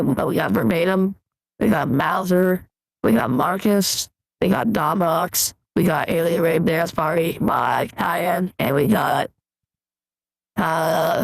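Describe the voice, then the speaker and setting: Slow, gravelly-voiced man on a live stream. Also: on the high side, no echo, rough recording. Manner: relaxed, rambling, talks through tech setup. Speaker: live-stream host reviewing viewer mixes. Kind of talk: casual live-stream chat.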